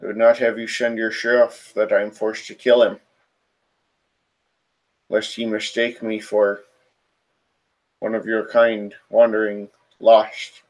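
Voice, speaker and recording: A man doing a proud spirit warrior of the north with a deep, throaty, almost animal growl. He announces himself in grave, solemn declarations and warns without rushing. The low voice sounds like it comes from a tabletop game. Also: level tone. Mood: proud, warning.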